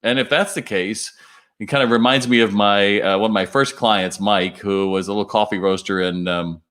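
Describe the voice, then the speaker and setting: A man's voice: on the low side, steady tone, moderate pace, a bit bright. A man working as a retail consultant, speaking in a casual promotional video and telling stories with fillers and restarts. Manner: chatty storytelling with fillers and restarts.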